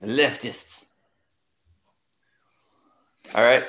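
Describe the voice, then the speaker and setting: A man's voice: medium pitch, drawn-out words, a bit bright. A man hosting a podcast, opening with brash, crude greetings in casual banter. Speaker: podcast host.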